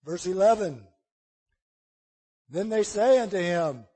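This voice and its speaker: A man preaches with a drawl in a notably high voice. He works dramatically, rising to loud declarations and then dropping to hushed asides. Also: moderate pace, poor audio. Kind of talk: sermon.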